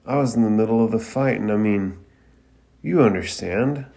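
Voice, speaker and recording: A man's voice: lowish voice, moderate pace, vocal fry, mellow. A man voicing an eager young male ninja who pleads frantically and stumbles over his words while reading anime dialogue in a review. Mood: panicked pleading.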